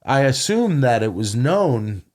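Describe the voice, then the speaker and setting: A man's voice: medium pitch, a little slow. A man casually telling a long story on a podcast, swearing and acting out quoted dialogue. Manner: profane, animated retelling with quoted dialogue. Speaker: podcast guest. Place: home podcast room.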